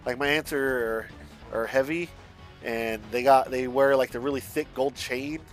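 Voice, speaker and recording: A man's voice: mid-range voice, steady tone, measured pace, faint music behind. A young man from a Mexican family, a streamer chatting casually and rambling, swearing often and restarting his sentences. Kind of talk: casual rambling chat while playing a driving game.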